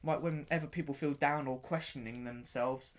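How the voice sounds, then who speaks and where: A man's voice: mid-range voice, fairly even intonation, normal speed. A man hosting his own podcast and reviewing an album in casual unscripted talk. He rambles enthusiastically, often repeating himself and stopping to search for words.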